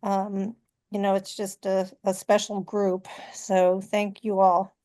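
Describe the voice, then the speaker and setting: A woman taking part in a group video call, sharing in a warm, halting way. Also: medium pitch, monotone. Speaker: group participant.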